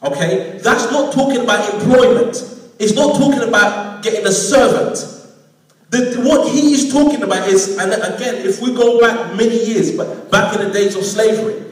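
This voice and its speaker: A man's voice: high-pitched, normal speed. Man, preacher, emphatic sermon, calls for amens, very echoey, distant mic. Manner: emphatic, calls for amens, acts out quoted voices. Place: church hall. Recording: echoey church hall from far off. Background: congregation murmuring responses.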